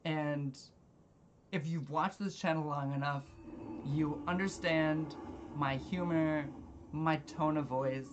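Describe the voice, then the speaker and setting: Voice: mid-range voice, fairly even intonation, slow pace, muffled recording, slight background noise. A person in their thirties giving casual gameplay commentary, blunt and forward, self-described as socially awkward, who laughs often. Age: 30s. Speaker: let's play gamer.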